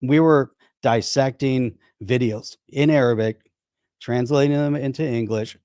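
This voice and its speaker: A man at an average pitch talks bluntly and emphatically in casual podcast chat. He hammers his points with restarts and repetition. The sound is dry, with no room echo. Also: measured pace, a little mellow, smooth. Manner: blunt, emphatic, repeats himself. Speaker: podcast co-host.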